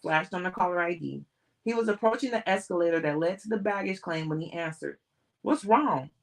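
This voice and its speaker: A woman reading a novel aloud on a livestream, steady and plain, sometimes restarting a word. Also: lowish voice, fast. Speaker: audiobook reader.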